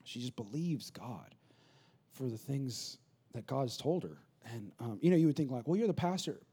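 A man in his thirties, a pastor, preaching a sermon in a conversational way that builds into rapid, repetitive crescendos. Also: mid-range voice, animated, dark tone, slightly rough.

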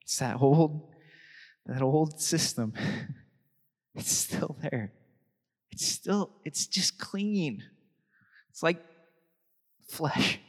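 A man's voice: fairly high pitch, expressive, drawn-out words, pauses often, long reverb tail. A young adult man preaching a sermon as pastor, chatty and anecdotal, often laughing between thoughts.

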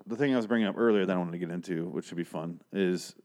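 His voice sits low with a darkish tone, moving fast. Alone on his casual podcast, the host rambles and curses through a story recap, performing the characters' parts.

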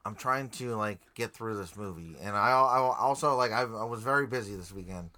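A man co-hosting a podcast in casual chat, halting and restarting his sentences often. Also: fairly low pitch, sharp tone. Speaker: podcast co-host.

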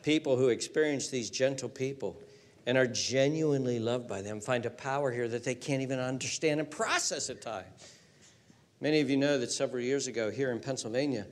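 A male pastor preaching a sermon, swinging from loud emphatic rises to hushed near-whispers and repeating phrases for emphasis. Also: mid-range voice.

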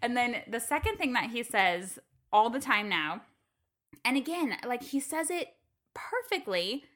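A woman co-hosting a podcast, talking in a relaxed and chatty way. Her voice sits a little high and sounds bright and forceful. She tells stories with lots of animation and acts out the lines of the people in them. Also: a little slow. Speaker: podcast co-host. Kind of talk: casual chat.

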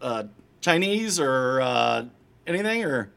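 A man's voice: mid-range voice, big pitch swings, takes it slowly, creaky, fairly bright tone. A man hosting a podcast, making playful jokes and banter. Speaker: podcast host. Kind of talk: casual podcast chat.

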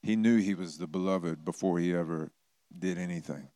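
A middle-aged pastor delivers his sermon in a loose, conversational manner, slipping into quick impressions for the stories he tells. His voice sits on the low side. The sound is dry and close to the mic. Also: warm tone, dry recording. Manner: conversational, acts out quoted voices, self-deprecating humor.

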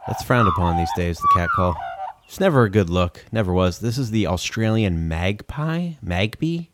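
A man's voice: on the low side, sing-song, normal speed, a bit bright, slight background noise. A man giving casual reaction commentary on bird sounds, joking, exclaiming and swearing.

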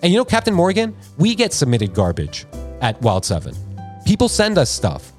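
A man hosting a podcast, ranting in an irritated, profane, animated way. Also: on the high side, moderate pace, faint music behind. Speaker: podcast host. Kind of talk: casual podcast rant. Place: podcast studio.

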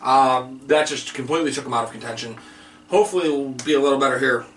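A man hosting a food podcast and tallying scores, talking in relaxed, joking banter. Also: medium pitch, fast. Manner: laid-back, joking banter. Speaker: podcast host keeping the scores. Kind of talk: casual chat. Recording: echoey room, distant mic, faint noise.

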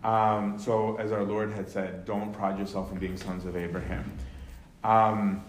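A man leading a casual Bible study, talking loosely with lots of "right?" and "um", then slowing down to read verses aloud. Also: on the low side, little pitch movement. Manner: conversational, many fillers and tag questions, slows to read scripture. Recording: echoey room with faint noise.

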